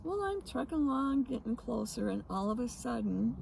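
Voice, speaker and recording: A woman co-hosting a casual chat, telling odd stories with frequent laughs and halting restarts. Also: fairly high pitch, big pitch swings, gravelly, darkish tone, a little hiss or hum, poor audio. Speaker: co-host.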